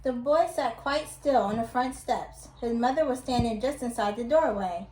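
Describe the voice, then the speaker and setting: Calm woman reading a kids' story. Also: on the high side, moderate pace. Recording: roomy echo.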